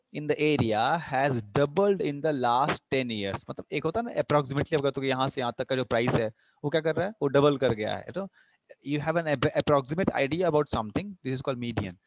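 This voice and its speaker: A man's voice: medium pitch, dry recording, lo-fi sound. A man with an Indian English accent teaching English vocabulary, switching between English and Hindi and checking understanding with questions. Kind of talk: online lecture, mixing English and Hindi.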